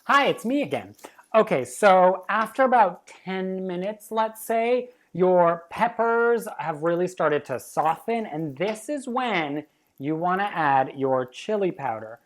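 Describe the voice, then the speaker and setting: A woman's voice: fairly low pitch, animated, takes it slowly. A woman hosting a casual cooking demonstration. She is brash, swears freely and teases her viewers with insults. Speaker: cooking show host.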